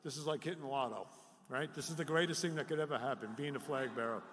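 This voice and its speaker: A middle-aged man from City, telling animated, self-deprecating stories as a speaker at a recovery workshop. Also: mid-range voice, quick pace. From Jersey City, New Jersey. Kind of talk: live storytelling talk. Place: workshop hall before an audience. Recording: echoey hall with long reverb.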